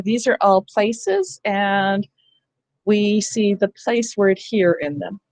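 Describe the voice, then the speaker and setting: A woman's voice: fairly high pitch, dry recording. A woman leading an online training session for teachers, explaining step by step and checking that her listeners follow. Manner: explanatory, asks "That makes sense?".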